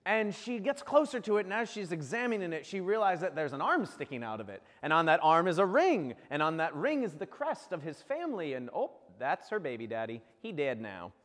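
A man gives a lighthearted homily about a saint, clowning through the story and voicing its characters. He speaks at normal speed in a high, slightly bright voice with wide pitch swings, echoing through a large space.

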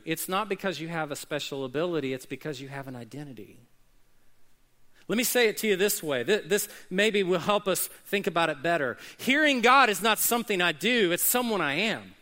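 High, bright-voiced preaching pastor. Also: male voice, fairly quick. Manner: animated preaching, rising and dropping for emphasis. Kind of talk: sermon. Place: church service with congregation.

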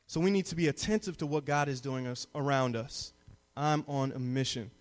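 A young man preaching a sermon as a youth pastor, moving from calm teaching to loud call-and-response. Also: medium pitch, normal speed. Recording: long reverb of a hall.

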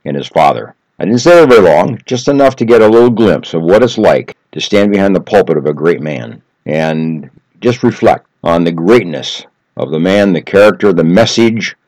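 A man telling a story in an earnest, measured way, building emphasis through repetition. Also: sits low, animated, darkish tone, no room sound, rough recording. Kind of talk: reflective storytelling talk.

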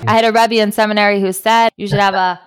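A woman's voice: medium pitch, level tone, clean tone, soft background music. A woman hosting a podcast, talking casually and openly about her feelings. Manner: warm, emotional, talks quickly. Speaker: podcast host. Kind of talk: casual conversation.

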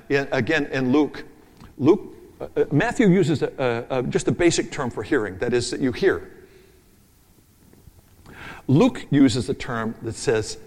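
A man's voice: medium pitch, animated, unhurried, pauses often, darkish tone. A man preaching a sermon, emphatic and rhythmic, repeating key phrases and thinking aloud over his notes. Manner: talks through his notes aloud, with asides. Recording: long reverb of a large hall.

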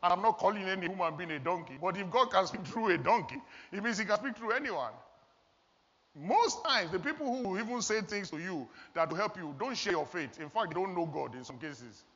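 A man's voice: sits high, animated, brisk, fairly bright tone. Man preaching in a reverberant hall. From Nigeria. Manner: earnest, storytelling, exhorting. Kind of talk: sermon. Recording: long hall reverb, dull lo-fi sound.

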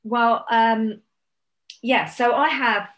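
Woman coach on a podcast, brisk and encouraging, echoey room. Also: on the high side, steady tone, fairly bright tone. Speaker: business coach guest. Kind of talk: casual interview chat. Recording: roomy echo.

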